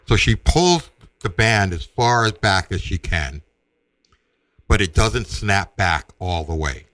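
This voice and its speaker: A man casually telling a personal story, animated and acting out the voices of the people in it. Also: lowish voice, takes it slowly, no room sound. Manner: animated, acts out quoted voices.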